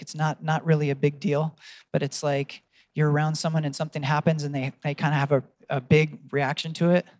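Male preacher with a slightly high voice, earnest storyteller, dry close recording. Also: no echo. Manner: earnest storytelling, asks the congregation questions. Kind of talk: sermon.

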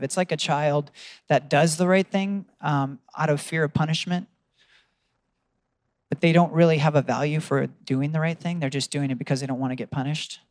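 Male preacher with a slightly high voice, earnest storyteller, dry close recording. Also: dry recording. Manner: earnest storytelling, asks the congregation questions. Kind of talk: sermon.

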